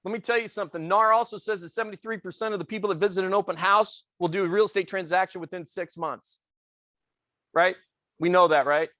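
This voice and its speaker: An intense, passionate man runs a training session, quizzing his class and slipping into quick voices for customers he quotes. His voice sits high and sounds bright and cutting, with a close, dry sound. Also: steady tone, no room sound. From Italian family background. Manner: intense, passionate, asks the room questions. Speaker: real estate trainer.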